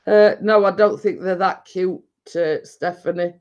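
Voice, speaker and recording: A woman's voice: mid-range voice, lo-fi sound. A woman with a northern English accent chatting casually on a live stream, rambling and laughing often.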